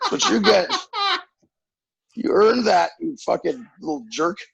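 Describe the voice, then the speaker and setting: A man's voice: high-pitched, very animated, a little slow, gravelly, muffled recording. A male comedian on a video call, rambling and swearing in a flustered, casual way. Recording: noisy home mic on a video call.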